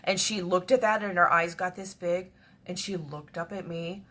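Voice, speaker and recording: A woman telling a personal story in a chatty, repetitive way that often drops to a hush. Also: lowish voice, steady tone, moderate pace. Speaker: devotional speaker.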